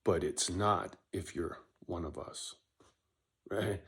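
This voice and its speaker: A vlogger who runs a dog rescue speaks straight to camera in a casual, emotional monologue, blunt and full of profanity, repeatedly checking in with "right?". His voice sits on the low side, with a sing-song lilt and a slow pace.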